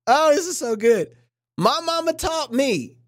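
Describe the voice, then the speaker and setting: A woman's voice: sits high, animated, unhurried, no echo. A woman hosting a livestream, giving casual reaction commentary with joking, preachy asides. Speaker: livestream host.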